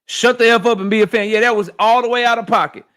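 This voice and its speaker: Bright-voiced man ranting on a boxing livestream. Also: very high voice. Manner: animated, profane, rapid rants reading chat. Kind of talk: casual livestream commentary.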